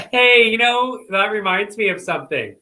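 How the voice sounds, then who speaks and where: Sassy live-stream co-host, bubbly and camp, bright voice. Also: male voice, high voice, echoey room. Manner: bubbly, sassy, party mood. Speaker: co-host of a drag review show. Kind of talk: casual live-stream chat.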